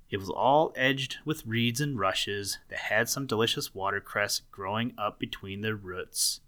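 Male storybook narrator: low-pitched, slow, gentle read-aloud with dramatic swells.

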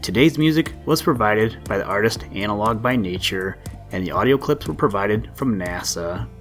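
A man reading a children's story aloud in a measured, gentle way as a podcast host. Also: lowish voice, expressive, faint music behind. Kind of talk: storybook narration.

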